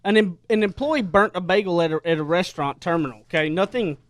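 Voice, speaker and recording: A man's voice: high-pitched, quick pace, no room sound. A man hosting a casual radio talk show, telling stories with lots of energy and frequent restarts. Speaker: host.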